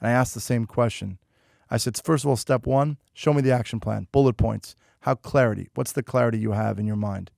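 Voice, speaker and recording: A man's voice: medium pitch, a little fast, vocal fry, darkish tone, dry recording, studio quality. A man hosting a podcast interview, chiming in with short affirmations and earnest riffs on the guest's points. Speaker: podcast host. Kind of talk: casual interview chat.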